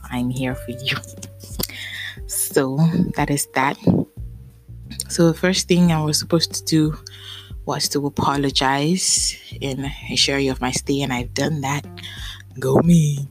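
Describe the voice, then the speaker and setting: A woman's voice: extremely low pitch, little pitch movement, measured pace, pauses often, faint music behind, rough recording. A woman hosting her own podcast in casual chat, a little out of breath, chatty and apologetic, often repeating herself. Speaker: podcast host.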